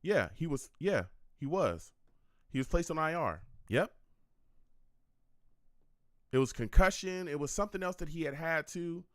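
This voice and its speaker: An excitable man hosting a live football draft reaction stream. His pitch jumps all over as he talks, and he keeps slipping into slangy, laughing banter. The sound is close and dry, with no room around it. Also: a little slow, pauses often, no room sound.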